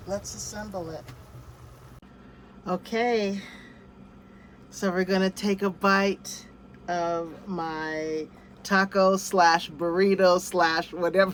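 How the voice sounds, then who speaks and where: Slow, low-voiced woman vlogger, chatty and easygoing, with clear outdoor noise behind her. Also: steady tone. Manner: chatty, talks to her pets. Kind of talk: casual cooking vlog. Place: living off grid, in or by a vehicle.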